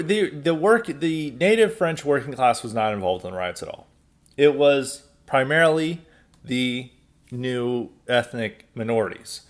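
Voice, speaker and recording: A man's voice: a little high, fairly bright tone. Sarcastic American man hosting a podcast. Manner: sarcastic, emphatic, frequent restarts. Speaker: podcast host. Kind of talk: political commentary monologue.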